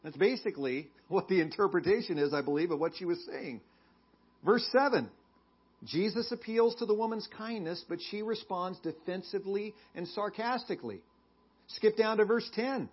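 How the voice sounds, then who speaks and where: Male preacher, sermon, chatty, husky, slightly higher voice, dull lo-fi recording. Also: moderate pace. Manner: conversational, asks the congregation questions. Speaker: pastor.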